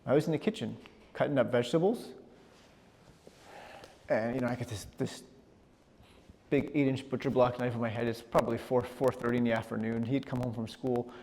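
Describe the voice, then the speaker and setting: A middle-aged man giving a personal storytelling talk, animated, often repeating words as he gathers his thoughts. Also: medium pitch, brisk, long pauses. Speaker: speaker. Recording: long hall reverb.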